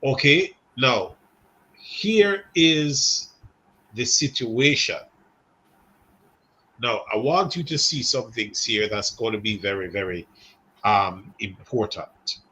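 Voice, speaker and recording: A man's voice: mid-range voice, lively intonation, slow pace, long pauses, bright, forceful tone. A man teaching a seminary Bible class in a conversational way, putting questions to students by name.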